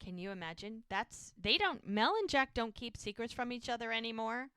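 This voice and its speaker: Chatty bright-voiced woman podcast host. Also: a little high, normal speed, smooth, no room sound, studio quality. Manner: chatty, laughs often, quotes characters in brief voices. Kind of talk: casual chat recapping a TV episode.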